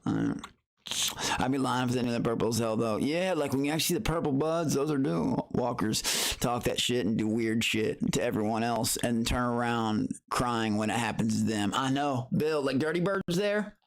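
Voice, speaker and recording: A grown man streaming live, chatting loosely with his viewers in a rambling, profane way and jumping into a higher, excited voice when he greets them. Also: moderate pace, creaky. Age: adult. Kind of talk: casual livestream chat.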